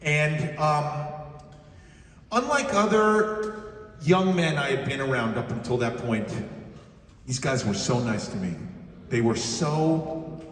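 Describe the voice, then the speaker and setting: A man's voice: a little high, animated, slow pace, long pauses, a bit bright. Man telling a heartfelt story in a hall. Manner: rambling, self-deprecating, heartfelt. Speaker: panel guest. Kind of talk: onstage storytelling to a live audience. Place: large hall on stage. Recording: echoey hall, distant mic, faint noise.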